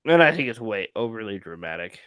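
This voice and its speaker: A man co-hosting a casual podcast, talking about music videos in a low-key, laid-back way with hesitant restarts and sounding tired. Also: big pitch swings, a little fast, a bit bright, clear, resonant tone, dry recording. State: tired, yawning. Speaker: podcast co-host.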